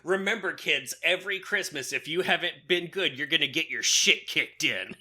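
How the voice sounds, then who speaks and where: A man's voice: a little high, normal speed, bright, forceful tone. A man co-hosting a horror podcast, giving dry, jokey reactions and wrap-ups. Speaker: podcast co-host. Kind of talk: casual podcast chat.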